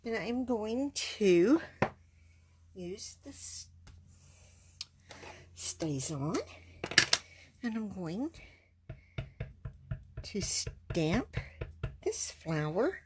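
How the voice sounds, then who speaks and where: Woman, folksy chatty craft demonstrator, unhurried talk, faint background hiss. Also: mid-range voice, big pitch swings. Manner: folksy, chatty, talks while working. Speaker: stamping demonstrator.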